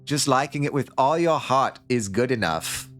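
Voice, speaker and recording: A man's voice: medium pitch, expressive, moderate pace, a bit bright, faint music behind, natural voice. A man doing a quirky accented space kid. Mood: cheerful. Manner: put-on quirky foreign-sounding accent. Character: cheerful nonbinary spaceship kid artist.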